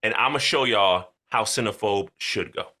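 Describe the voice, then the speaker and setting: A man's voice: on the low side, normal speed, pushed and bright. A man co-hosting a podcast in casual chat, loose, slangy and joking. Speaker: podcast co-host.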